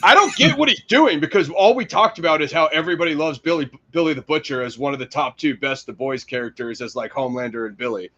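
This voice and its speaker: A man co-hosting a casual movie review show, rambling with quick restarts. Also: fairly high pitch, animated, sharp tone, dull audio. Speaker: podcast co-host.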